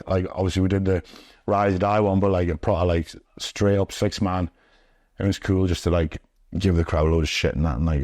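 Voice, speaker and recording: A young man, talking low and deep. He rambles through stories in a casual, sweary way, full of fillers. The sound is dry and close. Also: darkish tone, dry recording. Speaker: interviewee, pro wrestler. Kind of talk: casual storytelling. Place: indoors, sit-down interview.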